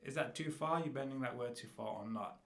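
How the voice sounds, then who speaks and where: A man's voice: medium pitch, fairly quick, gravelly, a bit bright. A man teaching rap who talks through rhyme ideas and then drops into short rapped example lines. His voice sits in a middle register. The room gives the voice a noticeable echo. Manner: explains, then raps short example bars. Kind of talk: instructional talk with rapped examples. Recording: roomy echo.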